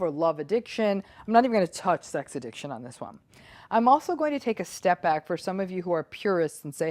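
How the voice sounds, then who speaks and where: A woman hosting an educational video, explaining in a measured way. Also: lowish voice, animated, a little mellow. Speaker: YouTube host on narcissistic abuse. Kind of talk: educational talk to camera.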